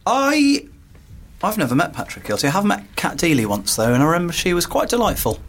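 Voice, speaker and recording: Jokey co-host, animated. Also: medium pitch, a little fast. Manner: jokey, goofy asides and silly voices. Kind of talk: casual radio chat.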